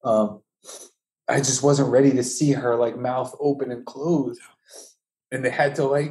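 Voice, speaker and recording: A man telling the story of losing his newborn twins, speaking haltingly with many restarts, his voice climbing high and strained with grief. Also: steady tone, darkish tone, roomy sound. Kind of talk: emotional personal testimony.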